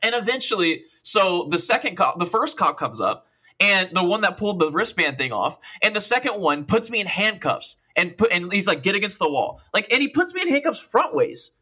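Young man, podcast co-host, casual profane storytelling, fairly high voice, bright tone. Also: normal speed, slightly rough. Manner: rambling, profane, animated retelling with quoted dialogue.

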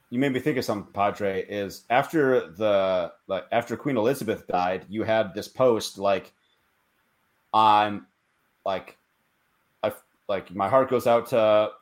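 Man, lowish voice, podcast host, talks haltingly, full of fillers. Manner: hesitant, thinking aloud, lots of 'like'. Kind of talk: casual chat.

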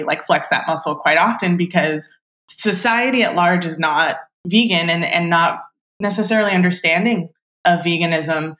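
A chatty woman in her thirties speaks as a guest in a relaxed, thoughtful way, leaning on filler words. Her voice sits a little low. The recording has a noticeable roomy echo. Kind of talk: casual chat.

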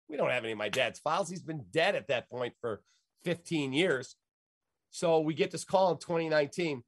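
A man's voice: fairly high pitch, expressive, brisk, dry recording, studio quality. A middle-aged man, a sports radio host, telling stories in an emphatic, rambling, folksy way. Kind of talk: animated storytelling in an interview.

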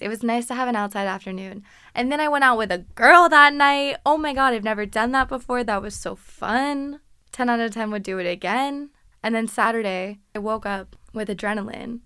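Podcast host, woman, animated sarcastic storyteller, higher voice, smooth and crisp, dry close mic. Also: normal speed, no echo. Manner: animated, sarcastic, laughs often, acts out quotes. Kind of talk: casual storytelling monologue.

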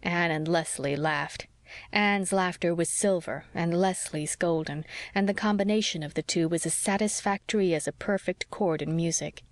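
A woman narrating a classic novel as an audiobook in a measured storytelling manner. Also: fairly low pitch, dry recording. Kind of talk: scripted narration.

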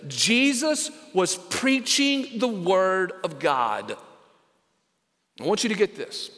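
A male pastor delivers a sermon with a high, bright and forceful voice. He is emphatic and keeps turning to his listeners with questions. The sound carries the long reverb of a large church sanctuary. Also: big pitch swings, slow pace. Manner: emphatic preaching, asks the congregation questions. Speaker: senior pastor.

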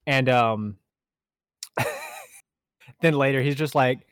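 A man's voice: medium pitch, wildly swooping pitch, very slow, pauses often, clean tone, no room sound, studio quality. A young man co-hosting a podcast, chatting casually and telling stories with frequent laughs. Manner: joking, laughs often, storytelling. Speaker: podcast co-host. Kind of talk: casual chat.

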